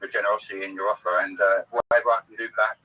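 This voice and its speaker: A man with an English accent calls in with a lowish, husky voice, speaking quickly but a little hesitantly. He sounds distant from the microphone. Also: steady tone, bright, forceful tone. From England. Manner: friendly, grateful, a little hesitant. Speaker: caller.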